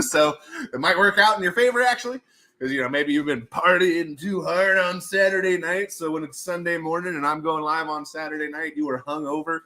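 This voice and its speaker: A man hosting a casual livestream, thinking aloud as he works on screen and breaking into goofy shouted voices. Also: fairly high pitch. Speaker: livestream host.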